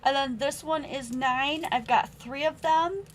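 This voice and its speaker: A woman's voice: high voice, a little slow, slight background noise, rough recording. A young adult woman hosting a live-streamed craft supply sale at home, chatting as she reads out stamp sentiments and prices. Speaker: online craft sale host. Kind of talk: live-stream sales chat.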